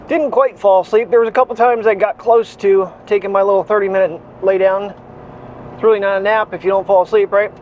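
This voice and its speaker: A man vlogging in a rambling, chatty way, talking to the camera and to his dog. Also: high voice. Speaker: daily vlogger. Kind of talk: casual chat. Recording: dull lo-fi sound, faint noise.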